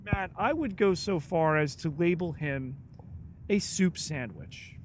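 Slow-talking man with dry humor. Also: fairly high pitch, lively intonation, a little hiss or hum. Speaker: podcast co-host. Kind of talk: casual chat.

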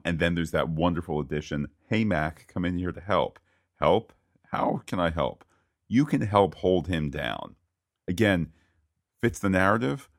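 A man co-hosting a podcast, chatting casually and eagerly about a TV episode, often rising into excited bursts. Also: a bass voice, dry recording, clean studio sound. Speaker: podcast co-host.

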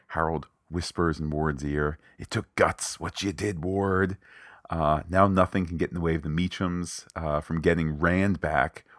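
A man's voice: low voice, fairly bright tone, no room sound, studio quality. A man co-hosting a podcast, recapping an episode in a wry, digressive way and retelling scenes with quoted lines. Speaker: podcast co-host.

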